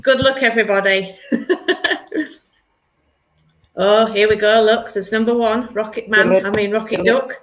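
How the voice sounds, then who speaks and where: A middle-aged woman from England hosting a live church stream, chatty and quick to laugh. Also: medium pitch, steady tone, lo-fi sound. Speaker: church service host. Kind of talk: casual live-stream chat.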